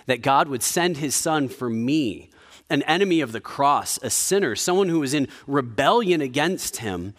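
A man preaching a sermon in a conversational way, with frequent restarts, dropping to a quiet low voice for emphasis. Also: expressive, moderate pace. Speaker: pastor.

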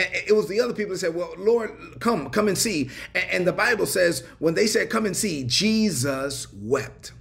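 A man preaching a livestreamed church sermon, repeating lines and urging listeners to answer and type into the chat. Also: a little high. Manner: preacherly, repetitive call-and-response urging. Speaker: pastor.

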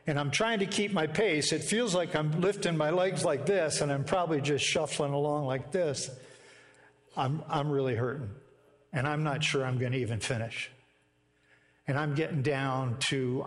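A man's voice: medium pitch, big-room sound. A man preaching a sermon, telling a personal story in a conversational way and closing in prayer. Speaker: pastor. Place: church sanctuary.

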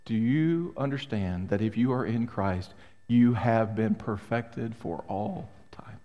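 This is a middle-aged pastor with a mid-range voice, preaching slowly in a church sanctuary. His sermon is emphatic and packed with rhetorical questions, though the audio sounds dull and echoes with long hall reverb.

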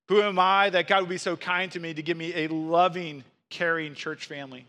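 Earnest bright-voiced male preacher. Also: high voice. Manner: earnest, repetitive rhetorical questions, dropping soft then rising. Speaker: pastor. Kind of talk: sermon. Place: church.

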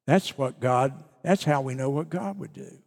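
A man preaching a sermon as pastor, earnest and emphatic with deliberate pauses. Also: medium pitch, darkish tone, in a large hall.

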